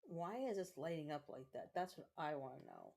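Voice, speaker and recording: A woman's voice: low-pitched, animated, fairly quick, gravelly, a little mellow. A woman streamer, a mother, angrily ranting to her chat while playing a game, swearing and repeating herself. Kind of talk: casual livestream chat while gaming.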